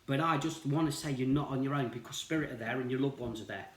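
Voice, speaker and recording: A man's voice: mid-range voice, quick pace. A man giving a casual tarot reading to viewers, talking in a rambling, reassuring way and often saying "you know". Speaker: tarot reader. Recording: roomy echo.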